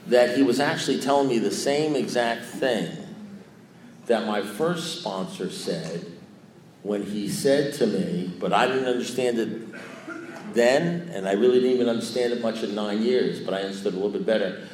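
A man's voice: mid-range voice, a little hiss or hum. A man in his sixties tells a rambling, joking personal recovery story to a group, swearing casually and restarting his sentences. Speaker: speaker at a recovery meeting. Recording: echoey room.

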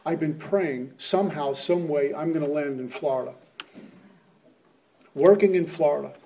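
A man's voice: a little high, normal speed, gravelly, dark tone, recorded from a distance, slight background noise. A middle-aged man giving an earnest, plainspoken personal testimony as a speaker at a recovery meeting.

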